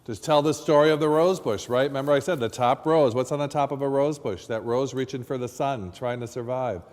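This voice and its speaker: Man, floristry instructor, chatty coaching demonstration, quizzes students, mid pitch, long hall reverb. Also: brisk, a little mellow. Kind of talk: hands-on demonstration lesson.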